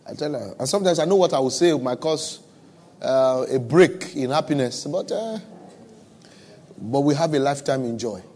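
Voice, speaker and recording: Lively in intonation and moderate in pace, this man's medium-pitched voice has a darkish tone and a West African accent. He's preaching a humorous, conversational sermon to a church crowd present in person and watching online, repeating phrases to drive points home.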